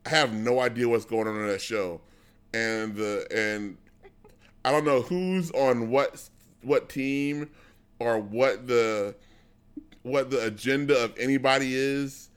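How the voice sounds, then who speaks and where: A man's voice: medium pitch, takes it slowly, clean tone. A man streaming live, chatting casually with his viewers in a rambling, blunt way with lots of restarts. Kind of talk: casual rambling chat to an audience.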